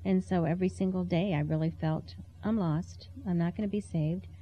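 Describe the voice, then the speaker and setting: A woman's voice: lowish voice, fairly even intonation, normal speed, dark tone, slight background noise. A woman sharing a heartfelt personal testimony in an earnest, storytelling way. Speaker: interview guest.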